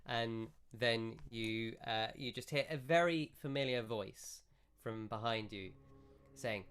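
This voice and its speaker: A man's voice: mid-range voice, takes it slowly, fairly bright tone, clean tone. A man narrating a tabletop role-playing game as game master, with rambling, self-correcting descriptions.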